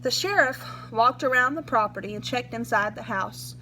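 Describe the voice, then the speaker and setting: A woman reading a story aloud in a plain, steady way. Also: a little high, normal speed, a little hiss or hum, poor audio. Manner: plain, steady reading with an occasional self-correction.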